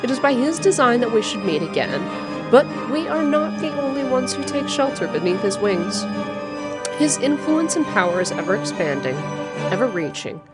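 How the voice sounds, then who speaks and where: A woman voicing a mysterious, solemn cult member from a horror adventure game, reading slowly and theatrically. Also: a little high, very animated, loud music behind the voice, voice pushed up.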